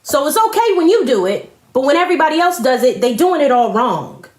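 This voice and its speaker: A woman's voice: high voice, very animated, brisk. Confrontational woman ranting, echoey room. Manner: confrontational, profane, repetitive. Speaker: live-stream commentator. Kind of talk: heated live-stream rant.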